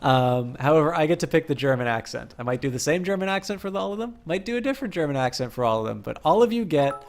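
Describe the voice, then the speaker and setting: A man's voice: a little high, expressive, quick pace, hardly any pauses. A man streaming a game, chatting casually with viewers in a rambling way full of fillers.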